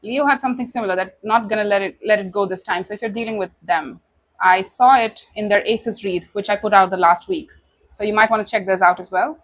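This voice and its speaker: A woman reads tarot casually to camera in a brisk, medium-pitched voice. She is warm and emotive, talks directly to the listener, and sprinkles in asides and many "you know"s.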